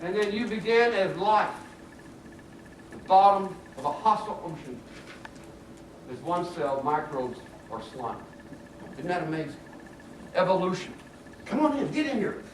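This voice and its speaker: A man teaching a geology class in a lively, jokey way, often laughing at his own jokes. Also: high voice, normal speed, long pauses, a little hiss or hum. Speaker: geology lecturer. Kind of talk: classroom lecture. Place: lecture room. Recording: echoey classroom recording from far off.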